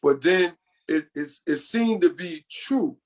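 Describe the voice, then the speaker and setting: A man's voice: fairly high pitch, animated, takes it slowly, noisy background. Older New York man telling stories. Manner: rambling, often quoting others. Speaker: podcast guest. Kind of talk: storytelling in an interview.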